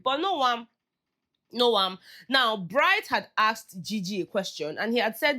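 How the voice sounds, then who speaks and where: A woman's voice: on the high side, sing-song, unhurried, sharp tone. A woman with a Nigerian accent chatting through a reality show recap, slipping into Pidgin phrases as she goes. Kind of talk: casual commentary.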